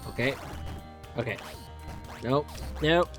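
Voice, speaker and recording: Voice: mid-range voice, lively intonation, normal speed, pauses often, soft background music. A streamer chatting through a live game session, narrating every move and letting out sudden yelps when things go wrong. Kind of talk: live gameplay commentary.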